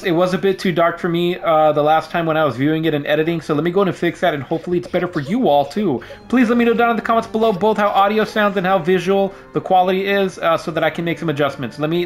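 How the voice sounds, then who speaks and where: A man giving playful, jokey commentary while playing a game at home, yelping when startled. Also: high-pitched. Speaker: gaming YouTuber. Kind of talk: casual let's-play commentary. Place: home room. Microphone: desk microphone.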